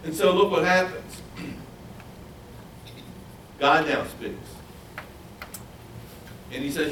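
A man preaching a Bible sermon, animated and acting out the quoted voices. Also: slow pace, pauses often, a little hiss or hum. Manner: animated, acts out quoted voices in a higher pitch. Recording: echoey room, voice from far off.

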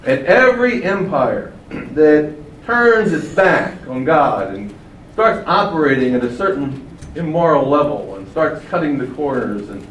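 A man delivering a sermon from a pulpit, his fairly high voice rising and falling in loudness as he presses rhetorical questions on his listeners. He sounds set back from the microphone in a reverberant room, with a faint ambient hum behind him. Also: very animated, measured pace, recorded from a distance. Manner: emphatic, rhetorical questions, sweeping shifts in loudness. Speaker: preacher.

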